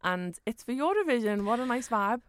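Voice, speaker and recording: A woman's voice: a little high, big pitch swings, brisk, no echo, clean studio sound. Upbeat woman podcast co-host. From Liverpool, England. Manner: upbeat and playful. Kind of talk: casual chat.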